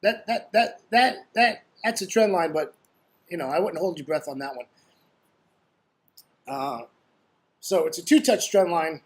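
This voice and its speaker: Chatty high-voiced man. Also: unhurried, long pauses. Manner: chatty, constantly asks "right?"; blunt and joking. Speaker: forex trading educator. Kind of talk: casual screen-share trading commentary.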